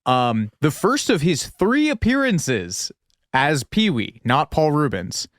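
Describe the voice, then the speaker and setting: A man's voice: a little high, sing-song, slow pace, a bit bright, no echo, clean studio sound. A man co-hosting a podcast, chatting casually and reading out facts with joking asides. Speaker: podcast co-host.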